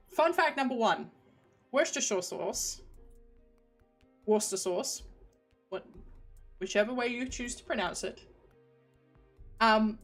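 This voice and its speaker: A young woman from the United Kingdom streaming, chatting casually in a rambling, giggly way that trails off into mumbles. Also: medium pitch. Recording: faint background music.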